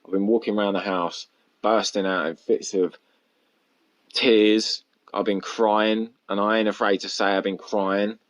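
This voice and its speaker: A man's voice: lowish voice, flat delivery, unhurried. A man hosting a casual solo podcast, rambling and candid, swearing constantly. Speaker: podcast host. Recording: dull lo-fi recording.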